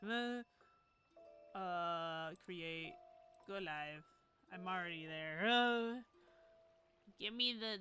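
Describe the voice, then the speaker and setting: A young woman with a mid-range, sharp-toned voice livestreams while music plays behind her. She chats casually and scatterbrained with her viewers and laughs often.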